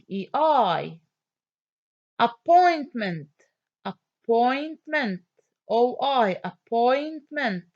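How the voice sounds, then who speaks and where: Slow, high-voiced woman teaching phonics. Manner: slow, drawn-out word repetition with frequent "okay?" checks. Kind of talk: online phonics lesson. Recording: dull lo-fi sound.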